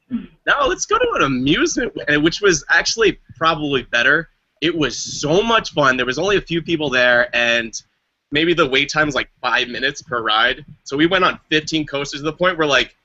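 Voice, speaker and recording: A man's voice: fairly high pitch, bright, forceful tone, muffled recording. A man joining a live video chat as a guest, telling goofy stories in a chatty way. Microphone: video call.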